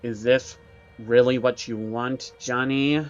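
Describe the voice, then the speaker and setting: A man voicing a deep, gravelly male demon who taunts slowly and calmly, over background music. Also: close to an everyday voice. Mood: taunting. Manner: slow, calm and taunting. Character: deep mocking male demon in a soldier's helmet. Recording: dull recording with background music.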